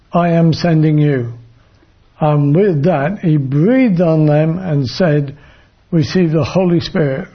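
A man gives a sermon at a very unhurried pace, his voice husky and a little high. He reads scripture in a measured way and now and then stumbles over and repeats his words. The recording sounds dull and lo-fi. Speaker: preacher. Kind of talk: sermon with Bible reading.

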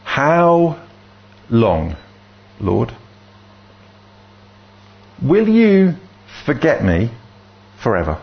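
Slow, expressive man reading scripture. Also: fairly high pitch, dull audio. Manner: slow, deliberate reading with lively rises and falls. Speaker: church leader reading scripture.

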